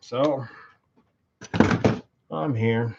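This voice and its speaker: Speaking extremely slowly at a medium pitch, a tool and engine video maker shows off his tools in a loose, rambling workshop demonstration, joking and cursing throughout. Heavy background noise surrounds him, and the muffled audio carries clear clicks.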